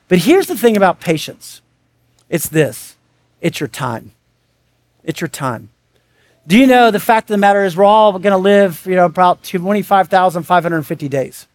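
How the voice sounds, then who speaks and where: Animated high-voiced preacher. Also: male voice. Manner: animated, conversational preaching with quick asides and acted-out quotes. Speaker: pastor. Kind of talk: sermon.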